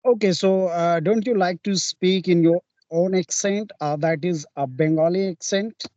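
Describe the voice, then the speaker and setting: A man hosting an interview, speaking haltingly with many filler pauses and restarts. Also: high voice, a little mellow, dry recording. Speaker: host interviewer. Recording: dull, dry, lo-fi.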